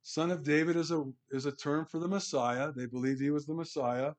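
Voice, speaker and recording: A man's voice: fairly high pitch, steady tone, brisk. A middle-aged man leading a Bible study from a worksheet, talking conversationally, restarting sentences and reading scripture aloud with emphasis.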